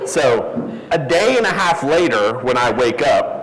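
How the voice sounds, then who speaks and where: A man's voice: mid-range voice, very animated, unhurried, in a large hall, a crowd in the background, noisy background. A man telling a rambling, self-deprecating story with lots of fillers as a guest at a live event. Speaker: interview guest. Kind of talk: casual storytelling. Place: event hall.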